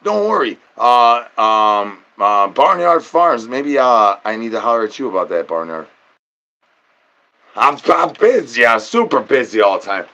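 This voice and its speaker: A man's voice: medium pitch, big pitch swings, measured pace, pushed and bright, dull audio. A man streaming live, rambling in goofy slang with sing-song nonsense rhymes. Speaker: livestreamer. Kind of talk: rambling livestream chat.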